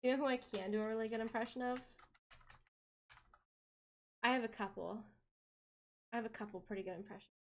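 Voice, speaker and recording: A woman streamer chatting casually on a live stream, playful and quick to swear. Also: on the high side, fairly even intonation.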